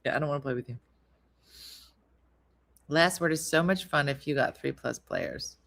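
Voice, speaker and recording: Female stream host, casual chat, storyteller, quick to laugh. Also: low-pitched, animated, gravelly, fairly bright tone. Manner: chatty storyteller, laughs often. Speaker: live-stream host reading viewer comments.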